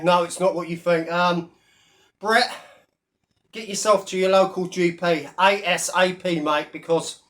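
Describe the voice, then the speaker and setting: A man ranting to camera in a blunt, mocking way. His voice sits high for a man, and he is slightly out of breath after a workout. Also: a bit bright. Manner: blunt, mocking, addresses viewers as mate. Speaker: vlogger. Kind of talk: casual talking-to-camera rant.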